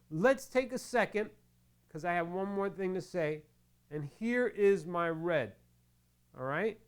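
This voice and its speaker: A middle-aged man hosting a crafting tutorial, chatting casually and rambling into jokes while he works with his hands. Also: high-pitched. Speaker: crafting channel host.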